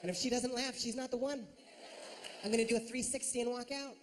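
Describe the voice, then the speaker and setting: A man performing a stand-up comedy set, animated and quick to leap into high shrill voices for his impressions. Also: slight background noise. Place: comedy stage.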